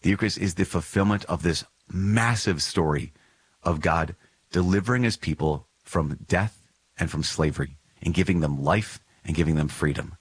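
Husky deep-voiced man, earnest podcast reflection. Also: no room sound. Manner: earnest, emphatic, with repeats and restarts. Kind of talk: reflective catechism commentary.

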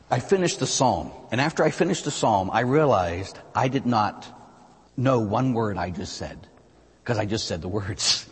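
American priest giving a sermon, husky voice, big ups and downs, long echo like a church hall. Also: male voice. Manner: animated, rises high on emphatic phrases then drops low and quiet.

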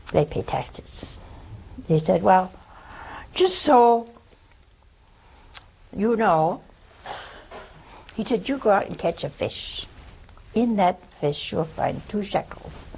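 Slow, gravelly older woman preaching. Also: mid-range voice, a little hiss or hum, poor audio. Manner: folksy and animated, swinging between loud bursts and hushed asides. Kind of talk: sermon.

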